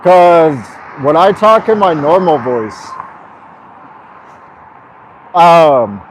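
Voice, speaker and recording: This young streamer chats casually with viewers while on a long walk by a busy road, swearing, joking, and hyper. His fairly high voice is very animated with drawn-out words, and the poor audio from his carried mic includes faint traffic noise.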